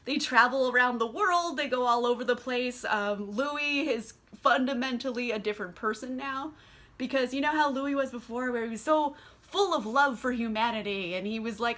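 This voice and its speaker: A woman's voice: a little high, expressive, normal speed, a bit bright. A young woman recapping a book in a chatty, casual vlog, swearing freely and using many fillers. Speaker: book vlogger.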